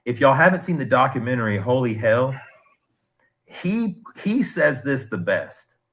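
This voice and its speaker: A man's voice: medium pitch, very animated, measured pace, fairly bright tone. A man in his thirties chatting casually on a stream, telling rambling, digressive stories with restarts. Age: 30s.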